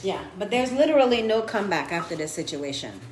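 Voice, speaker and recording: A woman's voice: medium pitch, big pitch swings, quick pace, darkish tone, a little hiss or hum. A woman in her fifties giving a frank, profane confessional vlog. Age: 50s. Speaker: vlogger.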